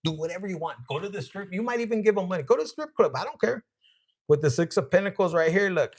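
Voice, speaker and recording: A man with a high, husky voice gives a live tarot reading. His pitch swings widely as he jokes, swears and laughs, calling out viewers by name between cards. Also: animated, fast. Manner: profane, joking, acts out voices; laughs often, chats to named viewers. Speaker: tarot reader.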